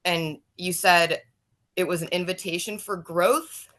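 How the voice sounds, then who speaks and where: A woman's voice: fairly low pitch, steady tone, unhurried, fairly bright tone. Earnest woman giving thanks on a call. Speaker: guest on a support call. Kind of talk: heartfelt thank-you on a video call. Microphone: video call.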